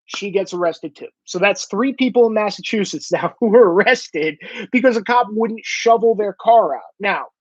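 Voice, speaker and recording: Husky, profane man in his thirties ranting. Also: high-pitched, moderate pace, no echo, muffled recording. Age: 30s. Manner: animated, profane, bursts into shouting. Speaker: commentator. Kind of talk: profane opinion rant.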